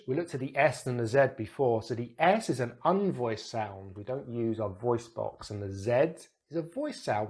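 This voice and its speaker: Man, British accent, pronunciation teacher, slow repeated example words, close mic. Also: medium pitch, darkish tone. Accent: British English. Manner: repeats words slowly, exaggerating sounds. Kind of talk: explaining pronunciation slowly with examples. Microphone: close microphone.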